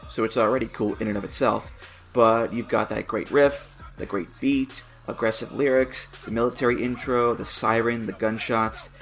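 A man hosting a podcast, chatting casually and telling stories with enthusiasm. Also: medium pitch. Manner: enthusiastic, animated storytelling. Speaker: podcast host.

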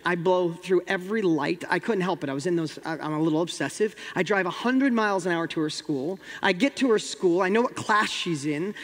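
A man's voice: high voice, in a large hall. A middle-aged man from New York with a New York accent, telling a motivational story as a guest and acting out the dialogue with rising intensity.

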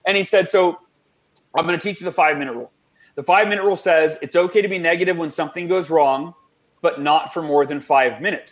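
Speaking quickly and with eagerness, a man in his forties, a guest author on a podcast, shares a personal story in an interview format. His pitch runs slightly high for a male voice, and he drops in quoted voices along the way. The recording sounds a bit bright.

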